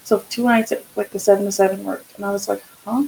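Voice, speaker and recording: Candid, sweary woman with a gravelly voice. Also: mid-range voice, little pitch movement, fast talker, warm tone, slight background noise, poor audio. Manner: candid, swears freely, acts out quotes. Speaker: podcast co-host. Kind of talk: casual chat.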